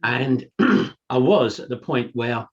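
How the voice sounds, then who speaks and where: A man's voice: mid-range voice, animated, takes it slowly, highs cut off. A man co-hosting a podcast, chatting casually and telling stories full of "you know". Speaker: podcast co-host. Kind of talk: casual chat.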